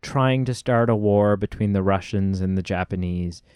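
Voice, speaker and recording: A man's voice: lowish voice, moderate pace, a little mellow, smooth, dry recording, clean studio sound. A man with a Canadian accent co-hosting a casual film review podcast, rambling and joking with many fillers. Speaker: podcast co-host.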